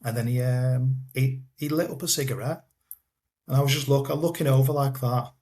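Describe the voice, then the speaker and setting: A man, telling his own life story in an interview, halting and repeating himself, often trailing off quietly. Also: medium pitch, steady tone. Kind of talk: personal storytelling in a podcast interview.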